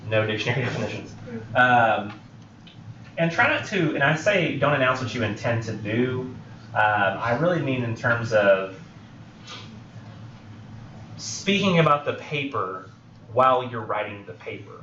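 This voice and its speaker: A man's voice: medium pitch, animated, measured pace, pauses often, bright, forceful tone, a little hiss or hum. A young man teaching a college writing class, talking loosely with many fillers and acting out film scenes to make his points. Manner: rambling, filler-heavy, acts out film scenes. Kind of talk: classroom lecture. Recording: roomy, dull lo-fi classroom recording.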